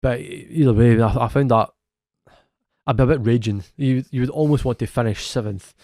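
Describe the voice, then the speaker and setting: A man of medium pitch and a slightly mellow tone co-hosts a football podcast in a loose, chatty way. He often restarts sentences, corrects himself and laughs quickly, and the studio sound is clean with no room sound.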